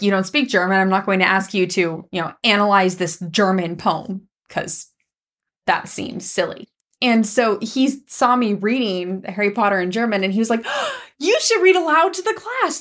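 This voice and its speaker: A young adult woman co-hosting a casual podcast chat, an animated storyteller who laughs often. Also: medium pitch. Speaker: podcast co-host.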